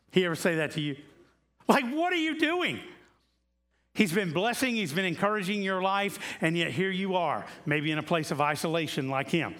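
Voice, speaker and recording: A man preaching a sermon to a church congregation in a conversational way, repeating key lines and slowing down for emphasis. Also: on the high side, fairly bright tone. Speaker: pastor.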